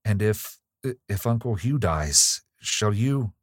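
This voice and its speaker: A man reading the lines of a frightened young noblewoman, pitching up slightly into raised, urgent pleading. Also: expressive, takes it slowly, no room sound, studio quality. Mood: uneasy.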